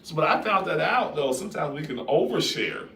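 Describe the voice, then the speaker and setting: A man hosting a live-stream talk, speaking in a lively, conversational way and putting questions to his viewers. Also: a little high, brisk, a little hiss or hum. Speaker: host. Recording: roomy echo, distant mic.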